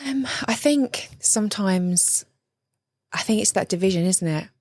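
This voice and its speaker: A woman's voice: medium pitch, measured pace, darkish tone, dry recording, clean studio sound. A British woman, a relationship coach, talking earnestly and reflectively as a podcast guest, often seeking agreement with "isn't it" and "right?". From United Kingdom. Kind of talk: conversational interview.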